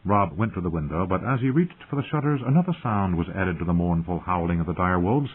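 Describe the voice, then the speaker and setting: Male audiobook narrator, low husky voice, measured and dramatic, phone-like audio. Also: lively intonation.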